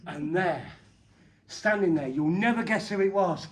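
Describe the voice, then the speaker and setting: A middle-aged man performing a comedy magic act, bantering playfully with the crowd and breaking into sudden loud bursts. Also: high voice, measured pace.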